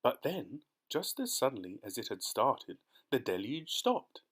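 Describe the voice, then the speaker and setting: Guy reading a kids' book aloud, lively storytelling, regular middle voice. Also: mid-range voice, a little slow. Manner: expressive, dramatic storytelling. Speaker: audiobook narrator. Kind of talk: storybook audiobook narration.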